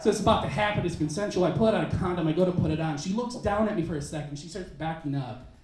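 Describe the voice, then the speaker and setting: High-voiced man doing stand-up in a roomy club. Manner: animated, punchy delivery with quick asides. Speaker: stand-up comedian. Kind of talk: stand-up storytelling. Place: comedy club stage. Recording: roomy club sound, mic at a distance.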